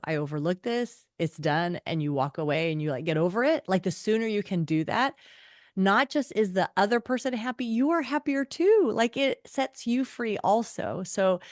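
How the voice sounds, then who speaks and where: Expressive woman author, lowish voice, super dry mic, tells stories and acts out quotes. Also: no room sound. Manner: expressive, acts out quotes with big pitch jumps. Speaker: author and podcast host, guest. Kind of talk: animated storytelling interview.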